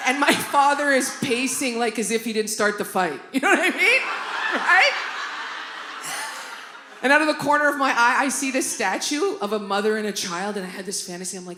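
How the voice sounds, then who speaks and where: A woman comedian from Canada performing a stand-up routine on a club stage, animated, with loud outbursts and constant asides to the crowd. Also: fairly high pitch, fairly quick. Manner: animated, loud outbursts, constant "right?" and "you know what I mean?". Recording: roomy live club recording with noise.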